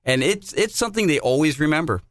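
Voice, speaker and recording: A man's voice: on the high side, animated, quick pace, no echo, clean studio sound. A middle-aged man co-hosting a podcast, telling stories in a chatty way and repeating words as he goes. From New Jersey, USA. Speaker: podcast co-host. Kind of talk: casual podcast chat.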